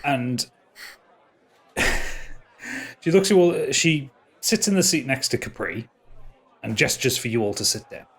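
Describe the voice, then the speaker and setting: Halting game master. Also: male voice, mid-range voice, very animated, breathy edge. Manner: halting, repeats words while narrating. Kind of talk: narrating a tabletop game.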